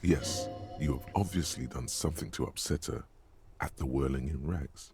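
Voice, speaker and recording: A man's voice: extremely low pitch, normal speed, over music. A man voicing the grave inner-voice narrator of a detective game, solemn and commanding.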